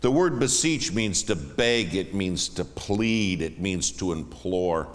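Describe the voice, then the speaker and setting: A man preaching a sermon as a guest in a church, emphatic, swinging between hushed and raised lines. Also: low-pitched, lively intonation, slow pace. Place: church sanctuary. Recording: long reverb of a church hall.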